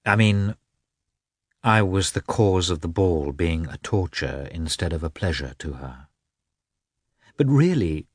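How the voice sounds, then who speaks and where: A tearful, confiding young noblewoman from a storybook reading, her voice climbing high and trembling, as a man puts her on. The tone is husky and dry, and the pitch moves a great deal. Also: dry recording, heavily acted.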